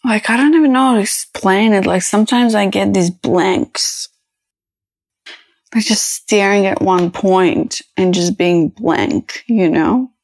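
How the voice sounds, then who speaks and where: A woman speaking slowly in a personal podcast monologue, her voice edged with vocal fry. She talks in a halting, reflective way, full of fillers and restarts, sounding emotional and close to tears. The recording is dry and close. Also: medium pitch, darkish tone, dry recording. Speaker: podcast host.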